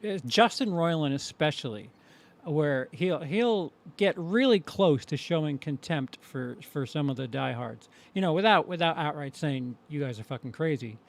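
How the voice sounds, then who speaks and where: A man co-hosting a casual live show, talking in a rambling way with many halting restarts and some swearing. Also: a little high, lively intonation, creaky. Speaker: podcast co-host. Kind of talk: casual chat.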